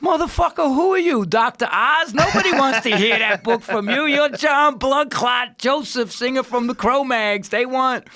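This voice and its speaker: A man's voice: extremely high pitch, moderate pace, few pauses, bright, forceful tone, pitched above the performer's own voice, full character voice. A man putting on the voice of a brash, teasing male friend. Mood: mocking.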